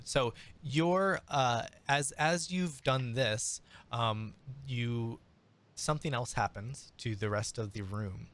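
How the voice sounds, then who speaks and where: A man narrating as game master of a tabletop game, rambling with fillers and sudden bursts of speed. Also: on the low side.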